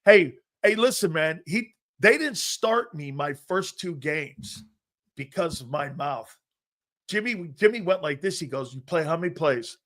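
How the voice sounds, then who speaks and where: Brash, loud middle-aged man. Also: a little high, expressive, measured pace. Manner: loud, brash storyteller who acts out quotes. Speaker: sports talk show host. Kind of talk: casual sports talk, storytelling.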